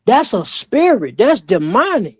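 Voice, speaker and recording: High lively man chiming in. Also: a little slow, slightly rough, dry recording, clean studio sound. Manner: short affirming interjections, indignant. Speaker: participant on a livestream talk show. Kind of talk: livestream chat, backing the speaker.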